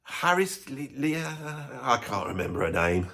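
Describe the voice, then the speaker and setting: A man's voice: mid-range voice, big pitch swings, measured pace, gravelly, pushed and bright. A man hosting a music channel, ranting his blunt opinions in casual talk to camera with chuckling asides.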